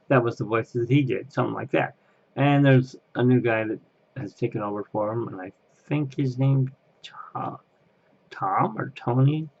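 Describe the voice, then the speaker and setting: A man's voice: medium pitch, unhurried, gravelly, long pauses, darkish tone, dull audio. A man chatting casually on camera as an interviewee, rambling and laughing at himself. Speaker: Disney fan interviewee. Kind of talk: casual chat.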